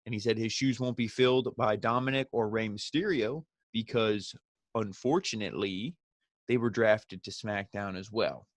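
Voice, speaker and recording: A man casually recapping a wrestling show, sarcastic and ranting, jumping into quick mocking impressions of the people he talks about. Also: fairly low pitch, fairly even intonation, dry recording. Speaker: wrestling review host.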